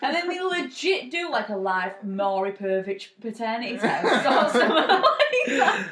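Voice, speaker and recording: Laughing woman over loud noise. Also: a little high, sing-song, normal speed. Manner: laughs through her words, swears. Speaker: podcast co-host. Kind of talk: casual chat. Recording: echoey room with loud noise.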